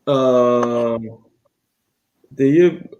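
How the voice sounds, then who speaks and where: A man speaking on a panel in a halting way, with many filler pauses. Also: mid-range voice, darkish tone, muffled recording.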